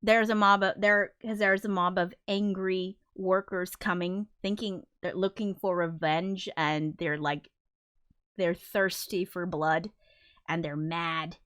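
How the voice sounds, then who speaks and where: A woman's voice: fairly low pitch, fairly even intonation, slow pace, fairly bright tone, no room sound. Giggly, chatty woman streamer, dry sound. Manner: chatty, giggly, rambling with many fillers. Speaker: livestream host, musician. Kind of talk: casual livestream chat.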